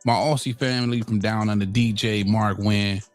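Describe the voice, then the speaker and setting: A man's voice: lowish voice, fairly even intonation, normal speed, no echo, soft background music. Casual chatty man hosting a boxing stream. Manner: loose, chatty, with many fillers and shout-outs. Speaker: boxing channel host. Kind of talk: casual live-stream commentary.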